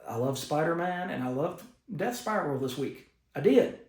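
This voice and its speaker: A man's voice: a little high, lively intonation, moderate pace, darkish tone. A man giving a casual, enthusiastic comic book review, recapping stories with fillers. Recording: roomy echo.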